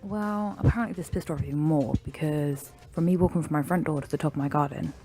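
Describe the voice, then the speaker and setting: A woman's voice: low-pitched, fast talker, mellow, faint music behind. A woman telling a true story to viewers in a brash, sweary, mocking way. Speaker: story narrator.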